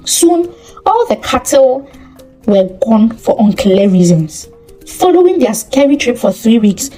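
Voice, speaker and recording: A woman telling a folktale as a channel's storyteller, in expressive scripted narration. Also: sits high, rough recording. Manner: expressive, moralizing at the end.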